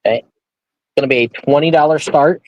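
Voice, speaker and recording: A man's voice: on the high side, fast talker, dry recording, dull audio. A man hosting a live online auction, chatting casually and thinking aloud about the items he shows. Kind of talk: casual live-stream selling.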